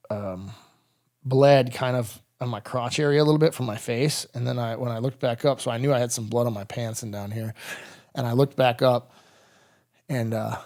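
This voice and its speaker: A middle-aged American man, a guest on a podcast, recounting a combat story in halting speech full of fillers and restarts. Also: mid-range voice, a little mellow.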